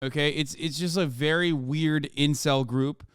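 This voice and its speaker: A man's voice: on the high side, steady tone, measured pace, clean tone, no echo, studio quality. A man streaming, reacting to news and reading articles aloud, ranting and swearing between passages. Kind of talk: profane political commentary and article reading.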